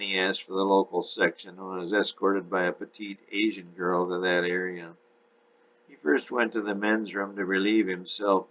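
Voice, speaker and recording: A man's voice: sits low, fairly bright tone. A man steadily narrating an audiobook chapter in a dull lo-fi recording.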